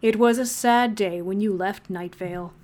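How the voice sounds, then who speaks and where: A woman voicing a gentle male radio host with a smooth, soothing voice and gracious small-town charm. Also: medium pitch, moderate pace, lightly acted.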